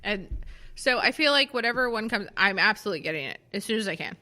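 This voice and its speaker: A young woman co-hosting a podcast in casual chat, talking quickly with lots of "like" fillers. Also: mid-range voice, expressive, bright, forceful tone. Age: young adult. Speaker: podcast co-host.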